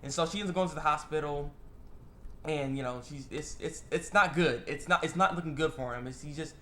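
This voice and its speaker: A man casually recapping an anime episode, rambling and excitable, full of fillers and restarts. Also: fairly high pitch, a little fast. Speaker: anime reviewer.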